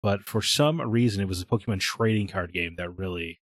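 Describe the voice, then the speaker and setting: A man's voice: low-pitched, fairly quick, dry recording, studio quality. A man co-hosting a casual podcast chat, rambling with many fillers. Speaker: podcast co-host.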